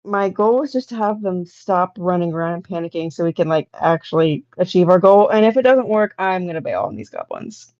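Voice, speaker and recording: A woman's voice: on the low side, brisk, hardly any pauses, a little mellow, no room sound, muffled recording. A woman playing a tabletop game, chatty and peppering her talk with likes. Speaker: player. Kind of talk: casual chat.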